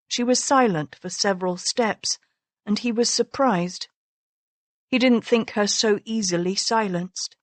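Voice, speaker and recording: Woman narrator, audiobook reading, measured, slow, middle pitch, dry close sound. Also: no room sound. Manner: measured, even storytelling. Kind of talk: scripted narration.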